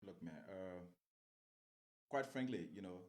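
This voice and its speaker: A man's voice: deep voice, a little slow, a little mellow. A man giving political commentary as an interview guest, rambling and repeating words as he grows heated.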